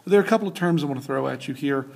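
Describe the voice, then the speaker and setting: A man's voice: fairly high pitch, very fast, vocal fry, darkish tone. A young adult man giving a casual recorded geography lecture over slides, talking loosely with many fillers and restarts. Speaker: teacher.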